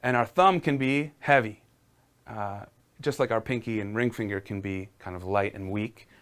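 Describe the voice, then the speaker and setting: A man's voice: on the low side, moderate pace, fairly bright tone. A man teaching a casual live-streamed piano lesson, encouraging and talking viewers through exercises.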